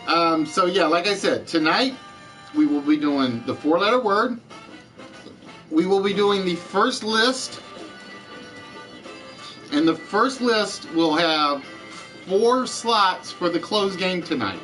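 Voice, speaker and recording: A man's voice: high-pitched, slow pace, long pauses, sharp tone, soft background music, low-quality recording. A man with a Southern US accent hosting a live-streamed trivia game show, chatting with viewers and answering their comments as he goes.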